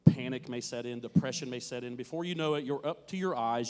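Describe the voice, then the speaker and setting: A man preaching a sermon to a congregation, telling a story with dramatic swells and sudden drops to a quiet murmur. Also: mid-range voice, brisk, big-room sound. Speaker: pastor. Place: church hall with teens present.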